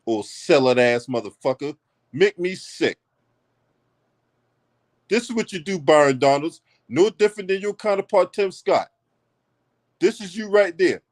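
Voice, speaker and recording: Foul-mouthed man ranting on politics, higher voice. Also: animated, measured pace, long pauses. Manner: blunt, mocking, swears constantly. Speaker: political commentary host. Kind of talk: profane heated commentary rant.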